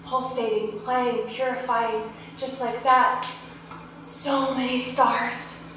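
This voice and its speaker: An actress playing a playful ghost woman who lectures breezily and turns hushed and hypnotic, in a stage play. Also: high voice. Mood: hushed, dreamy. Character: playful dreamy ghost woman, self-styled genius. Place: small theater stage. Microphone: distant room mic. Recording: echoey stage from far off, hum.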